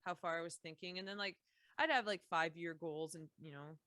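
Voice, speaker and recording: A woman's voice: on the low side, steady tone, a little fast, pushed and bright, no room sound. A young Canadian woman from Saskatchewan, a musician guest chatting casually on a podcast with lots of fillers and restarts.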